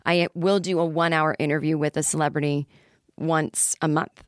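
A woman's voice: low voice, level tone, moderate pace, no room sound, studio quality. A woman in her forties hosting a comedy podcast, talking in a chatty, rambling, self-deprecating monologue.

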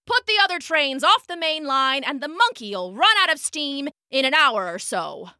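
A woman voicing a frantic male train engineer who shouts his lines in a rush. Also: high-pitched, big pitch swings, moderate pace, no room sound, clean studio sound, heavily acted.

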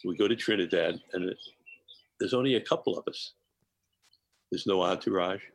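Man with a deep husky voice, warm animated storyteller guest, dry close mic. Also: normal speed, no echo, rough recording. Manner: animated storyteller, laughs often. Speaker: guest chef. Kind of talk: personal anecdote in interview.

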